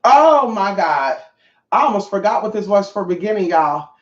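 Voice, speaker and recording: A vlogger with a high, sing-song voice chats at a moderate pace on a livestream, sassy and profane. He greets viewers by name and reads their comments, and the audio is reverberant and dull.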